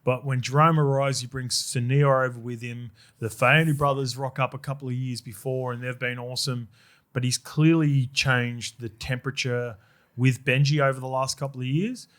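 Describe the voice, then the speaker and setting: A man's voice: mid-range voice, steady tone, moderate pace, a bit bright. A man hosting a podcast in casual chat, steering the talk and working from his notes. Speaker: podcast host.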